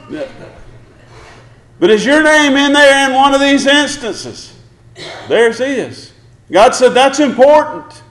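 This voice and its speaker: High-voiced preacher in an echoey room. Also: male voice. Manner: emphatic preaching with rhetorical questions. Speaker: pastor. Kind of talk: sermon. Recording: roomy echo.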